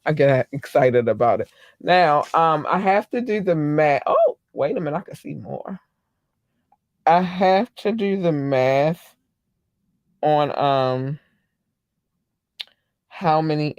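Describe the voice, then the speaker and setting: Excitable woman podcast host, dry close mic. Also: low-pitched, takes it slowly, long pauses, no room sound, muffled recording. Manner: gushing, excitable, squeals in delight. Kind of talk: casual solo podcast chat.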